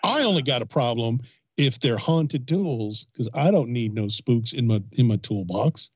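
A man on a comedy radio show, teasing a caller in a sarcastic, deadpan way. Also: mid-range voice, moderate pace, husky, dry recording, highs cut off. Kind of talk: comedic phone bit.

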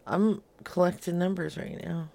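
A man's voice: high voice, fairly even intonation, normal speed, gravelly, a little mellow. A man co-hosting a prank call, giggly and mocking in his asides. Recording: lo-fi from off mic with faint noise.

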